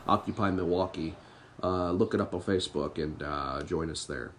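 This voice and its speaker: A man's voice: low voice, moderate pace. Young man on a profane, bitter rant. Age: young adult. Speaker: podcast host. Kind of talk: angry political rant to camera.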